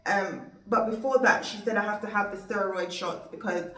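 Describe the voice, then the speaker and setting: A woman's voice: mid-range voice, fairly even intonation, moderate pace, a bit bright. A young woman telling a personal story in a heartfelt, rambling, faith-filled way. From Jamaica. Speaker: vlogger. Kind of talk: emotional storytime monologue. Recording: roomy, distant from mic.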